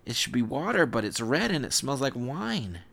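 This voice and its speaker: A man's voice: medium pitch, sing-song, moderate pace, gravelly, fairly bright tone, voice pushed up, full character voice. A man doing a fussy, worried C-3PO robot voice. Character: fussy robot companion, male.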